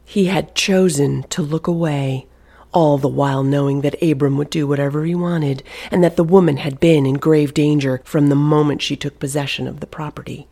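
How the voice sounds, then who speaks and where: A narrator reading a suspenseful novel aloud, in a hushed delivery that often drops to a whisper. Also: mid-range voice, steady tone, moderate pace, vocal fry. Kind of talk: audiobook narration.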